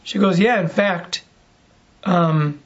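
A male priest gives a homily in a relaxed, conversational way, telling a story and acting out both sides of the dialogue. The recording sounds slightly muffled and lo-fi. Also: high voice, slow.

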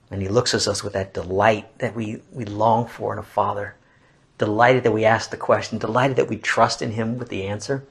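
A man giving a sermon in an expressive way, often dropping to a soft hush and repeating phrases as he speaks. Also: lowish voice, moderate pace, creaky. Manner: expressive, varies loudness, drops to soft hushed asides. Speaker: preacher.

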